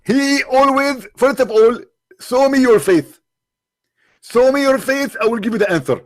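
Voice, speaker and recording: A man's voice: very high-pitched, measured pace, voice pushed up. A man putting on the voice of a smug, mocking male preacher who taunts and giggles. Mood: exasperated.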